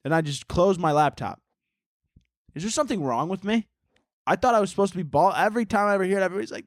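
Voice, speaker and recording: A man's voice: high voice, big pitch swings, fast talker, no echo, studio quality. A man hosting a solo comedy podcast, rambling goofily and slipping into mock-dramatic narration. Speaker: podcast host.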